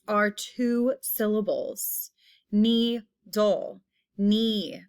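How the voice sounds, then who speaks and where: Slow, careful woman teaching phonics. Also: medium pitch. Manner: slow, repeating each word clearly and stretching vowel sounds. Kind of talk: phonics lesson.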